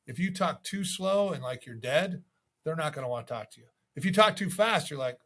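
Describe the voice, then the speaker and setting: A man's voice: on the high side, animated, fairly quick, a bit bright. A man coaching real estate agents in a casual, conversational way, acting out sample voicemails. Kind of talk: casual video tips to camera.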